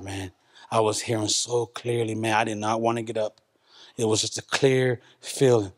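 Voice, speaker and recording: Speaking at a church service, this man shares an emotional testimony about something spiritual he lived through. His mid-range voice keeps a fairly even intonation at a normal speed. The delivery is earnest and conversational, full of repetition and the word "man."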